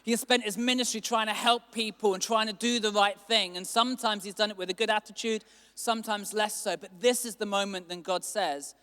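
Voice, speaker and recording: A man preaching a sermon as a pastor, animated and acting out quotes with sudden bursts of loudness. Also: sits high, fairly quick, clean tone. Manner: animated, acts out quotes with big swings in loudness. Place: church hall. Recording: long hall reverb.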